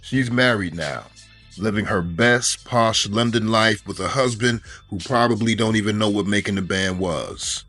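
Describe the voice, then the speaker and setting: A man's voice: on the low side, moderate pace, a bit bright, soft background music. A man giving sarcastic commentary, delivering a mocking roast full of punchlines.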